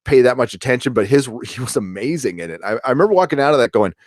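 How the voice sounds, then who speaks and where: A man's voice: medium pitch, lively intonation, quick pace, dry recording, studio quality. A middle-aged man hosting a casual live stream, reading chat aloud in a rambling way full of fillers and restarts. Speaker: livestream host reading chat.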